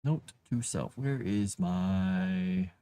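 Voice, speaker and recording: A man's voice: sits low, drawn-out words, mellow. A man chatting casually on a livestream as he writes, thinking aloud with many fillers and restarts. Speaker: author livestreaming his writing. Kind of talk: casual livestream chat while writing.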